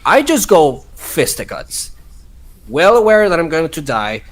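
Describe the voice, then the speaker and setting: A man playing a tabletop game, describing what his character does in an animated, emphatic way. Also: a little high, a little slow. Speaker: player.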